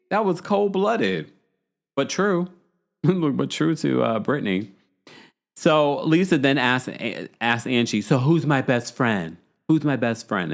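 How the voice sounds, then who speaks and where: A man hosting a podcast, recapping a reality show in casual, gossipy chat and acting out what the cast said. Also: fairly low pitch. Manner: animated, gossipy, acts out quotes. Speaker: podcast host.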